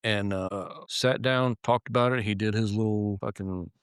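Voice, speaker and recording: Lower-voiced man, profane and halting. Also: steady tone, clean tone, dry recording, studio quality. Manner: heavy swearing, frequent restarts and repeated words. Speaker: interview guest, law enforcement officer. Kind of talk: casual interview storytelling.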